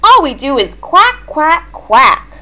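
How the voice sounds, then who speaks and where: A woman's voice: high-pitched, sing-song, takes it slowly, sharp tone, voice pushed up, heavily acted. Woman doing an eager little boy duck. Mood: earnest. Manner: earnest and pleading. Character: small eager young male duck.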